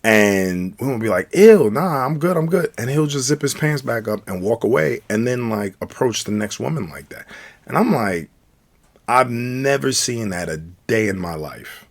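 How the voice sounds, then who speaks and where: A young man with a fairly low voice tells a night-out story in a relaxed, casual way. He is animated and keeps acting out the other people's lines with quick shifts in voice. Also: gravelly.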